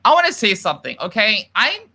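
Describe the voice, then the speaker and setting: A man's voice: sits high, wildly swooping pitch, a little fast, sharp tone. A man ranting emotionally on a livestream and reading viewer comments, swearing often and restarting his sentences.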